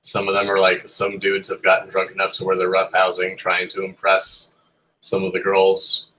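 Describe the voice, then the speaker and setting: A man's voice: low voice, monotone, normal speed, sharp tone, poor audio. A young man narrating a tabletop horror game as game master, casual and rambling, with lots of ums and swearing.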